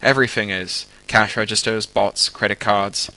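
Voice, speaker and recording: A man reading aloud, voicing a stubborn male mall security guard with a South Pacific twang and a loud, defiant manner. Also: fairly low pitch, steady tone, moderate pace, low-quality recording. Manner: shouty, defiant.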